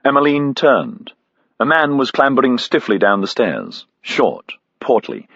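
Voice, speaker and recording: A man reading an audiobook aloud as narrator, with measured, expressive delivery. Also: medium pitch, no room sound, dull audio. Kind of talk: scripted narration.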